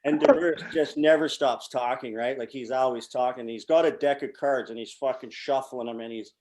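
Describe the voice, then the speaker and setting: A man's voice: medium pitch, lively intonation, moderate pace, darkish tone. Profane, rambling man telling stories. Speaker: podcast guest, former pro hockey player. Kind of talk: casual storytelling.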